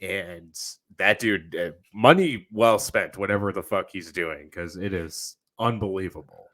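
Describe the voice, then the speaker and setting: Man, podcast co-host, low voice, excitable, profane, casual chat. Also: measured pace. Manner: excitable, swears a lot, acts out characters' lines.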